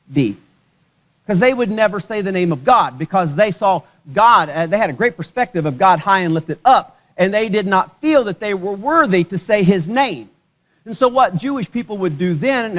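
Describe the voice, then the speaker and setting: A man's voice: high voice, a bit bright. A male pastor giving a sermon at a church service, conversational and joking, often putting questions to the congregation.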